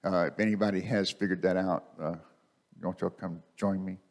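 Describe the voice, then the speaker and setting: A man's voice: deep voice, steady tone, fairly quick. A man preaching a conversational sermon in a church, repeating key phrases for emphasis. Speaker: minister. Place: church sanctuary. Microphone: microphone.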